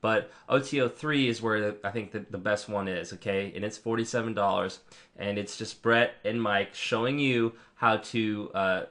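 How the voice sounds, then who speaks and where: A man giving a casual, rambling review of marketing software while clicking through it on screen, with frequent ums and restarts. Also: lowish voice. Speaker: product reviewer.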